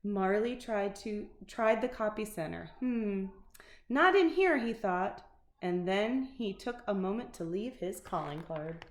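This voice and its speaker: A woman reading a children's picture book aloud with expressive, unhurried storytelling. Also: medium pitch, a little hiss or hum. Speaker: narrator. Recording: roomy echo.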